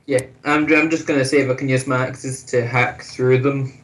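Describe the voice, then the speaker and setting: A man's voice: mid-range voice, flat delivery, moderate pace. Joking guy at a tabletop game, blunt, mic sounds roomy. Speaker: player. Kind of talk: casual chat in a tabletop game.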